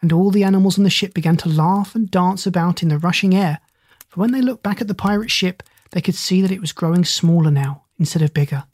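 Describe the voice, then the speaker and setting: A storybook narrator reads in a steady, measured way. The voice is husky and sits at a middle pitch. The recording is dry and close. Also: dry recording. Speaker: audiobook narrator.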